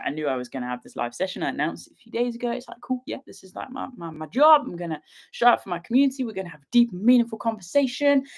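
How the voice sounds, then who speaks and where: A young woman from England chatting bubbly and giggly to her livestream viewers from a sofa at her father's house, a little sniffly from a cat allergy. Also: medium pitch. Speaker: outdoor vlogger hosting a livestream. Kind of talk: casual livestream chat to viewers.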